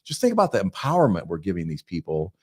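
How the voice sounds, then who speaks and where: A man with a very low voice that swings widely in pitch, talking in a loose, chatty way. He co-hosts a podcast as a financial advisor and keeps breaking off and restarting his thoughts. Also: fast, slightly rough. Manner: chatty, animated, self-interrupting. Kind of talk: casual chat.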